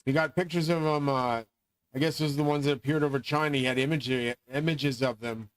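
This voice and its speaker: A man's voice: mid-range voice, fairly even intonation, brisk, no room sound, low-quality recording. A middle-aged man delivering a rambling, profane, grandiose monologue as host of his own channel.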